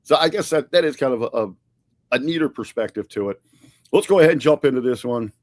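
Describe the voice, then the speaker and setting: A man's voice: medium pitch, expressive, fast, a little mellow, no room sound. A man co-hosting a podcast, reviewing in a casual, conversational way with frequent fillers and restarts. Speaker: podcast co-host.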